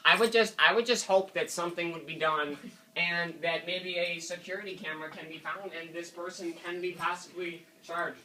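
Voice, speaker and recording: A man's voice: sits high, fairly even intonation, normal speed, bright, forceful tone. A man on a prank call, playing a fussy, indignant father who rambles and keeps calling the manager sir. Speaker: prank caller. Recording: distant mic with faint noise.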